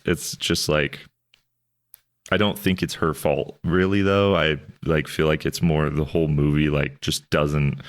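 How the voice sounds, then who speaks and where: A man co-hosting a podcast, talking loosely about a film in a rambling, jokey way with lots of restarts. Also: rumbling low. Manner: rambling, self-interrupting, jokey. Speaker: podcast co-host. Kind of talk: casual film discussion.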